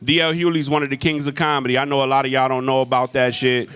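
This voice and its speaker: A man in the middle of a stand-up set, speaking into a handheld mic in a comedy club. His delivery is profane and animated, drifting from a drug-buying story into jabs at the crowd. His voice sits at an ordinary mid pitch. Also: quick pace, slight background noise.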